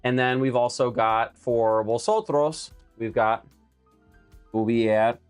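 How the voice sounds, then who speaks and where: A man's voice: medium pitch, takes it slowly, clear, resonant tone, faint music behind. A young man teaching a live Spanish lesson, explaining verb forms step by step while writing on a board. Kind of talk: live-streamed language lesson.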